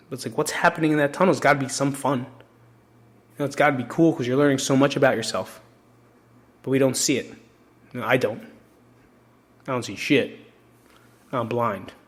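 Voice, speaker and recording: A man from New Jersey hosting his own podcast, talking openly and emotionally to listeners with plenty of swearing in a casual solo monologue. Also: a little high. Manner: candid, emotional and profane, talks straight to listeners. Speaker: podcast host.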